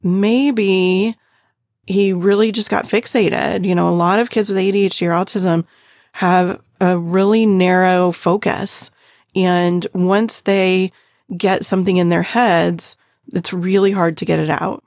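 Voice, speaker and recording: A middle-aged woman talking gently and earnestly about parenting, often checking in with the listener by asking "right?". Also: lowish voice, steady tone, a little slow, no echo, clean studio sound. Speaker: parenting podcast host. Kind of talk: reflective parenting talk.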